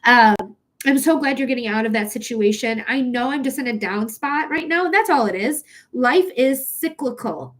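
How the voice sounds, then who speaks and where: A woman's voice: high voice, moderate pace, fairly bright tone. Tearful woman on a casual live stream. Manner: emotional, gushing, swears casually. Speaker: tarot reader streaming live.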